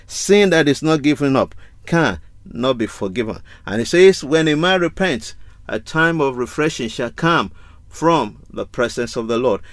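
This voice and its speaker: A man's voice: medium pitch, dry recording. A man preaching a sermon, reading scripture aloud and pressing his listeners with repeated rhetorical questions. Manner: emphatic, rhetorical questions and repetition.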